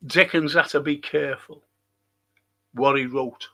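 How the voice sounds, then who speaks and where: Reading his chat aloud, a man hosting a livestream speaks in a fairly high, steady, unhurried voice. He keeps things casual, with chatty and warm-hearted asides.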